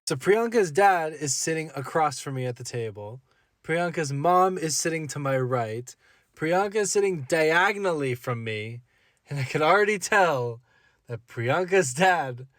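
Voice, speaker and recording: Casting: young male creator, unhurried, self-mocking storyteller, close dry mic. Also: fairly high pitch, no echo. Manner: animated, self-mocking retelling. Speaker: content creator. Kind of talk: storytelling to camera.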